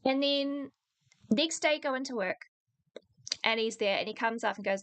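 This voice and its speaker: A young woman with a New Zealand accent in her twenties, casually telling a long personal story on a podcast, animated, swearing freely and laughing between lines. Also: fairly high pitch, moderate pace, long pauses. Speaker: podcast co-host.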